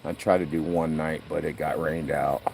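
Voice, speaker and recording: A man's voice: rumbling low, little pitch movement, normal speed, gravelly, a little mellow, far from the mic, slight background noise. A middle-aged man chatting on a phone livestream by a lake, rambling and laughing as he tells stories. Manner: laughs a lot, rambling storyteller. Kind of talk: casual live-stream chat. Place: outdoors by a lake.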